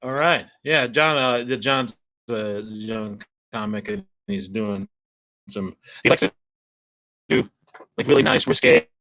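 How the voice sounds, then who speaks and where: Gravelly, rambling male comedy emcee. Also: medium pitch, wildly swooping pitch, slow, pauses often, bright, forceful tone, poor audio. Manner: rambling, filler-heavy, upbeat. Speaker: comedy show host.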